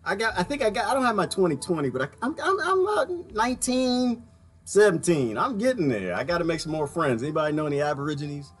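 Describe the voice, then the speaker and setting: A man's voice: on the high side, sing-song, fast, hardly any pauses, husky. A man hosting a casual livestream, rambling and laughing often as he talks straight to his viewers. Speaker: livestream host.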